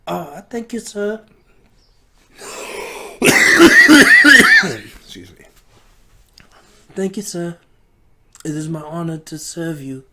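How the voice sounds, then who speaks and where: A man voicing a shrill, eager-to-please young male servant who speaks with fawning politeness. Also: expressive, extremely slow, pauses often, very noisy, exaggerated voice. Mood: servile.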